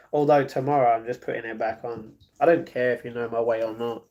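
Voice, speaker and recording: A man's voice: mid-range voice, steady tone, moderate pace, a little mellow. A man live streaming, chatting casually and reading viewer comments aloud, often laughing.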